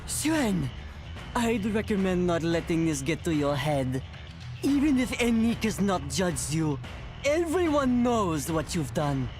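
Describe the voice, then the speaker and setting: A composed female adviser in a game, speaking in slow, measured tones with a fairly low voice that still moves expressively. Game music plays clearly behind her. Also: big pitch swings. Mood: warning. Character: composed adult woman, cautious adviser. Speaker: game character.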